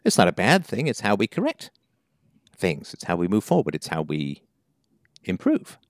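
A man's voice: sits low, wildly swooping pitch, normal speed, no room sound, studio quality. A man hosting a call-in advice show, questioning a caller bluntly and emphatically. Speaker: call-in show host, philosopher.

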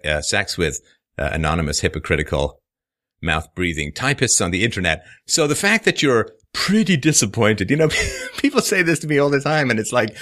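Animated, forceful mocking male host. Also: fairly low pitch. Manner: mocking, sarcastic, laughs through his points. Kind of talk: monologue commentary responding to a viewer comment.

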